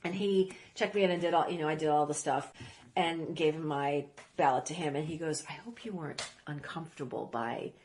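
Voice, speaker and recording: A woman guest who grew up in Iraq, telling stories in a casual interview, rambling with quick asides. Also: sits low, steady tone, darkish tone, slight background noise.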